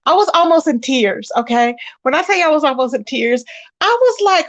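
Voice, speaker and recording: A woman's voice: high-pitched, lively intonation, moderate pace, no room sound. A woman hosting a casual livestream, chatting and greeting viewers by name with pet names. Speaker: livestream host. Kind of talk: casual reaction chat.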